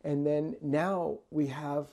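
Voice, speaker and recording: A man's voice: on the high side, level tone, slow, dark tone. A man hosting a podcast interview, who jumps in eagerly to check what he heard. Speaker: podcast host. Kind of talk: conversational interview.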